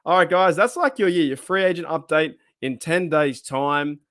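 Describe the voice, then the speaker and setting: A man's voice: on the high side, moderate pace, fairly bright tone, no room sound, studio quality. A man talking casually to the camera as a sports YouTuber, rambling and thinking aloud with frequent asides. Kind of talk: casual solo video commentary.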